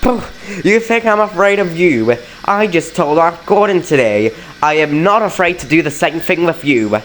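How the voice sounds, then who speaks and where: A man voicing a brash, cheeky little male tank engine who shouts insults. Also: fairly high pitch, animated, normal speed, slight background noise, rough recording. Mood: defiant.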